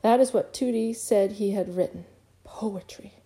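Mellow-voiced woman narrating an audiobook. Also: medium pitch, normal speed. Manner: lively and expressive, with occasional stumbles.

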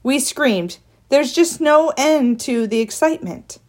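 A woman's voice: high-pitched, lively intonation, unhurried, a little mellow, pitched above the performer's own voice. Woman voicing a sly, dry great-aunt.

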